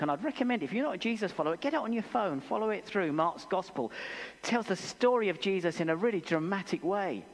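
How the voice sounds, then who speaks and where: An English man delivers a sermon with animated storytelling. His voice sits high and swings widely in pitch. The sound rings with the long reverb of a church hall. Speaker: preacher.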